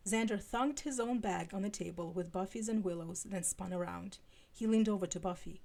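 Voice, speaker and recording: A woman reads fan fiction aloud on a live stream, her voice gravelly and mid-pitched. She breaks off now and then for casual, apologetic asides. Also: moderate pace, dark tone. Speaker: live-stream fanfiction reader.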